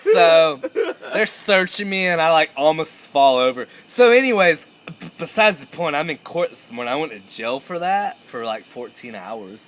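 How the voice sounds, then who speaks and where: Lively, high-voiced Southern man telling a tale. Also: moderate pace, a little hiss or hum, low-quality recording. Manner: animated, crude, laughs at his own jokes. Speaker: storyteller. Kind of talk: casual comic anecdote.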